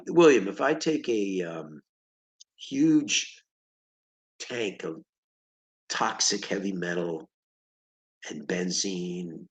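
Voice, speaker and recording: A man's voice: deep voice, reverberant, low-quality recording. A man tutoring a student in vocabulary, patiently explaining each word with examples and often checking in with "okay?". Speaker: reading tutor. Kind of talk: one-on-one vocabulary lesson.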